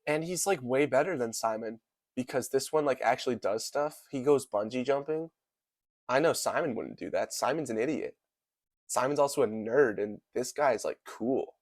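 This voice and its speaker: A man's voice: mid-range voice, moderate pace, no room sound, clean studio sound. A young man giving casual, comedic movie commentary, rambling and hyperbolic, full of "like" and "dude". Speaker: movie reviewer.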